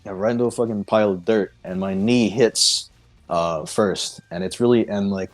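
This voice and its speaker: A man's voice: fairly low pitch, steady tone, normal speed, soft background music. A man co-hosting a podcast, telling a story in casual chat, swearing often and laughing through it. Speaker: podcast co-host.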